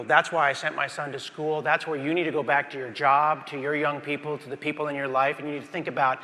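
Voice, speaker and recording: Middle-aged guy doing a keynote, bright punchy voice, fairly high, big echoey hall. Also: fairly quick. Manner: animated storytelling, acts out scenes, addresses the crowd. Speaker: keynote speaker. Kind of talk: conference keynote talk. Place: large conference stage. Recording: reverberant conference hall.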